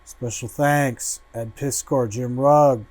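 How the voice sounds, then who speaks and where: A man hosting a casual livestream, flipping through a comic book and muttering relaxed asides, swearing freely as he goes. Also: mid-range voice, takes it slowly, no echo.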